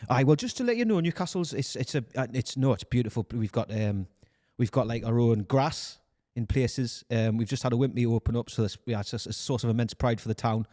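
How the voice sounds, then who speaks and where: A man's voice: medium pitch, a little fast, hardly any pauses, warm tone, no room sound, clean studio sound, natural voice. A man putting on a Geordie accent to play a bumbling male Newcastle club recruiter on a phone call. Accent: Geordie, put on. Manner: rambling, hesitant, upbeat.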